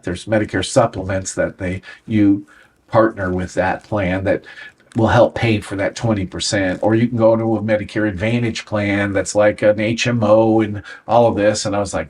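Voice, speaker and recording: Older man telling stories, lowish voice. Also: fairly even intonation, normal speed. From United States. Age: 60s. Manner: anecdotal, acts out quoted dialogue. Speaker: guest. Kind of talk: storytelling interview.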